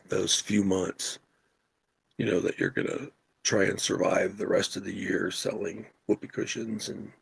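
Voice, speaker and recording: A middle-aged man co-hosting a podcast, telling a story in casual, animated chat and swearing freely. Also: fairly low pitch, dry recording. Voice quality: gravelly, husky. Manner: animated, profane storyteller who yells quoted lines. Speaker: podcast co-host.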